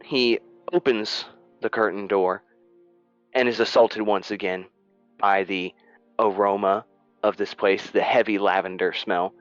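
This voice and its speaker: A man's voice: on the low side, fairly even intonation, measured pace, pauses often, smooth, no echo, lo-fi sound, faint music behind. A man narrating as game master of a tabletop game, in a casual, loose style with fillers.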